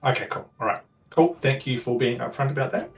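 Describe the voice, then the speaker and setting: A man's voice: medium pitch, brisk, echoey room, recorded from a distance. A man runs a tabletop game as dungeon master, describing the combat in a loose, rambling way. He sits a little away from the mic, and faint music plays underneath. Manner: loose, rambling descriptions full of filler words.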